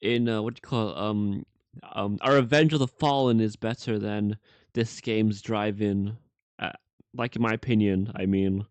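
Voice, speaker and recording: A man hosting a casual reaction chat with a sore throat, halting and full of filler words. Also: on the low side, fairly even intonation, clean tone, dry recording. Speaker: reaction channel host.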